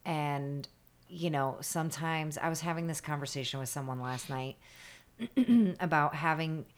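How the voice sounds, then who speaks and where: A woman's voice: low-pitched, steady tone, unhurried. A woman co-hosting a podcast, chatting casually in a laid-back, reflective way with short dry replies. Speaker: podcast co-host. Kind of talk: casual chat.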